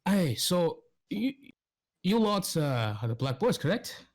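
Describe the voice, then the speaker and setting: A man voicing a friendly escort who speaks with a few hesitations and a slightly raised pitch. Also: very animated, slow, exaggerated voice.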